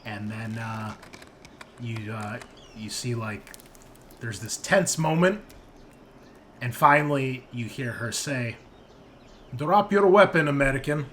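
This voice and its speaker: A man's voice: mid-range voice, takes it slowly, long pauses, a bit bright, slight background noise. A man running a tabletop game as game master, describing the scene to players in a loose, rambling way. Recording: tense background music.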